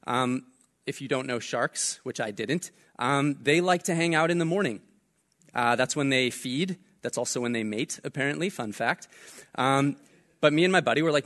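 A young man preaching a casual sermon as pastor, telling a story in a relaxed way with fillers and jokes. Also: mid-range voice, normal speed.

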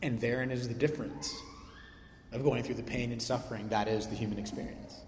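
A man preaching a sermon as pastor, animated, swinging from loud emphasis to quiet asides. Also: medium pitch, brisk, a little hiss or hum. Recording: roomy hall reverb.

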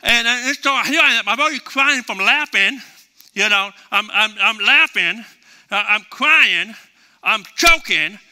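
Bright-voiced preacher, echoing hall. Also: male voice, high-pitched, unhurried, clean tone. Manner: storytelling, animated and folksy. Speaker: pastor. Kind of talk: sermon. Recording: reverberant hall.

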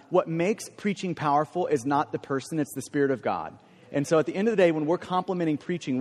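A middle-aged man, a pastor, speaking earnestly and informally to his congregation, with stammered restarts. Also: fairly high pitch. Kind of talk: church service sharing time. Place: church sanctuary. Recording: long hall reverb.

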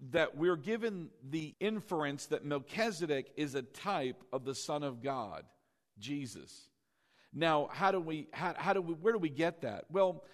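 A male pastor preaching a sermon, drawing call-and-response from the congregation, asking rhetorical questions and slowing down for emphasis. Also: on the high side.

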